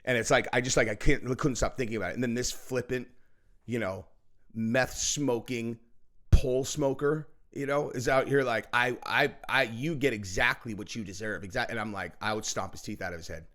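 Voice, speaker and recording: A man's voice: mid-range voice, moderate pace, a bit bright. A man hosting a political commentary show, ranting in a heated, profane and mocking way, often acting out quotes.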